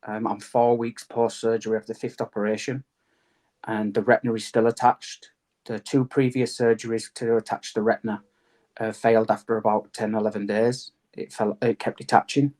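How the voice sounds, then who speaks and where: A man, answering interview questions in a plain, steady way. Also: on the low side, normal speed. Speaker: podcast guest.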